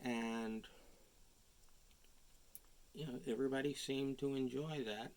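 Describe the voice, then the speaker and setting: A man reading a picture book aloud to young children in a gentle, chatty way, with playful ad-libbed asides. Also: medium pitch, fairly even intonation, slow pace. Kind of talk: storybook read-aloud for children.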